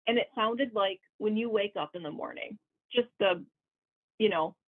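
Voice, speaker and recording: A young woman from Wisconsin talks as a guest in a loose, chatty way, often laughing and leaning on fillers. Her voice sits at a middle pitch. It comes through a thin, tinny line that sounds like a phone call. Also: moderate pace. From Wisconsin, USA. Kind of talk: casual storytelling.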